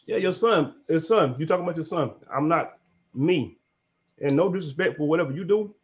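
A man's voice: fairly high pitch, lively intonation, brisk, slightly rough. A man co-hosting a podcast, speaking bluntly and casually with slang. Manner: blunt, laid-back, slangy. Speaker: podcast co-host.

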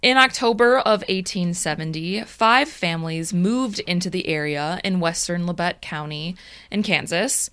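A woman hosts a podcast and narrates a story in a relaxed, wry chat. Her voice sits a little low, and she drops casual fillers as she goes. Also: normal speed, clear, resonant tone. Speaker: podcast host.

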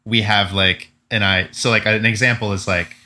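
A young man chats casually on a podcast, his speech loose and packed with filler words and the odd curse. His voice sits a little low but rings bright and forceful, and he talks like he is hanging out with friends. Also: fairly even intonation, normal speed. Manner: loose, swearing, full of "like" fillers. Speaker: podcast co-host. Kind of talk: casual chat.

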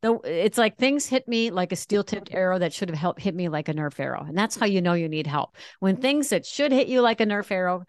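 A woman's voice: medium pitch, expressive, brisk, few pauses, no echo. A middle-aged woman, an interview guest, telling her own story frankly and acting out the people she quotes. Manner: frank and confessional, acts out quoted dialogue. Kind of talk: candid personal storytelling.

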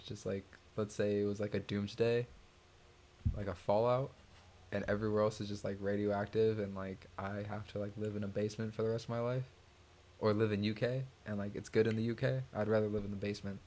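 A man's voice: fairly low pitch, little pitch movement, a little fast, darkish tone. A young man co-hosting a podcast in casual chat, joking and mock-ranting with trash talk. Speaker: podcast co-host. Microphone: podcast mic.

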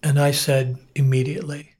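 A middle-aged male pastor telling his personal testimony as an interview guest, earnest and unhurried, with frequent pauses. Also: on the high side, little pitch movement, a little mellow.

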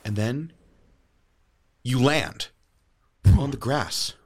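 A man running a tabletop game as game master, narrating with animated storytelling that swings between hushed and loud. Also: mid-range voice, very slow.

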